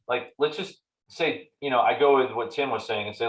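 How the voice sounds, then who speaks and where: A man in a roomy, echoey meeting room coaching agents in a loose, conversational way. His voice sits at an ordinary middle pitch, and he talks like he is chatting rather than lecturing. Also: moderate pace. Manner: conversational, acts out client dialogues in animated voices. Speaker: real estate team trainer. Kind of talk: casual training talk to agents.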